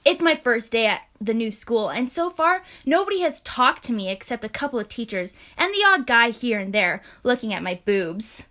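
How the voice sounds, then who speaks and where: A woman's voice: a little high, big pitch swings, moderate pace, hardly any pauses, bright, forceful tone. A young woman co-hosting a podcast, reading fan fiction aloud and often breaking into giggles. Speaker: podcast co-host.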